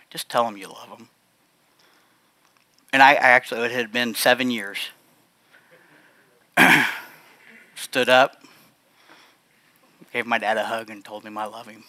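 A man giving a heartfelt personal testimony to a congregation, speaking earnestly and haltingly, often restarting his sentences. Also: medium pitch, pushed and bright, no echo. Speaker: church speaker sharing a testimony.

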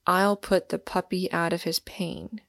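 Brief: woman voicing a sullen young student, quiet and gravelly, slow and gentle in his menace. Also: little pitch movement, no room sound, clean studio sound. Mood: gently menacing. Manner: soft, low-key tenderness. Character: sullen young male undergraduate, mildly menacing.

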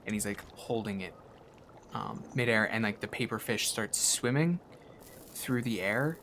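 A man's voice: on the low side, unhurried, a bit bright, slight background noise. A man narrating as game master in a tabletop game, rambling casually with many fillers.

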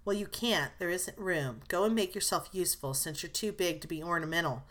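A woman reading the lines of a spirited young woman who scolds briskly and comforts her sister tenderly, in an audiobook. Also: fairly low pitch, a bit bright, natural voice.

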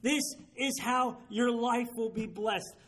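Seventies male pastor, high-pitched, emphatic sermon delivery, keeps checking listeners follow. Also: slow, a bit bright. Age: 70s. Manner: emphatic, keeps asking "you understand?". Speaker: pastor leading a Bible study. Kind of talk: sermon-style Bible teaching.

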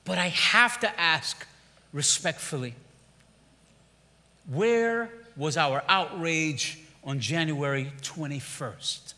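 A man's voice: on the high side, takes it slowly, pushed and bright. A man preaching a sermon as pastor, rousing his congregation with repeated refrains and calls to respond, in a large church. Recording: long church hall reverb.

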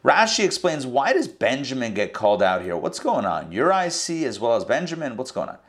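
A man teaching a scripture lesson verse by verse, in a conversational way with quick asides and restarts. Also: medium pitch, big pitch swings. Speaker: Torah teacher. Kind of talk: casual verse-by-verse Bible lesson.

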